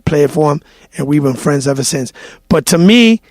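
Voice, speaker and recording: Animated New man, high voice. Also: normal speed, no echo, clean studio sound. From New York. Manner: animated storyteller, acts out quotes, swears freely. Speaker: DJ guest. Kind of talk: casual interview storytelling.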